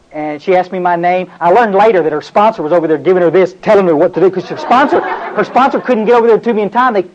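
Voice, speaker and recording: A man's voice: high voice, a little mellow. Earnest man sharing his story. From North Texas. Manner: earnest and confessional, with restarts. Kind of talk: recovery meeting talk. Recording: dull, lo-fi recording.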